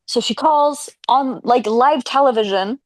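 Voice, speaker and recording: A young woman with a fairly high voice recaps a movie in a chatty way, slipping into the characters' lines as she goes. Her delivery is animated, and the sound is close and dry, with no room echo. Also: measured pace. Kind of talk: casual chat retelling a film.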